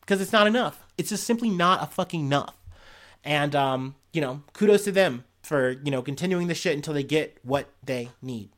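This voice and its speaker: Male podcast host, reading the news with foul-mouthed, animated asides. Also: on the high side, normal speed. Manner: profane, blunt, animated asides. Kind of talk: reading news articles with casual commentary.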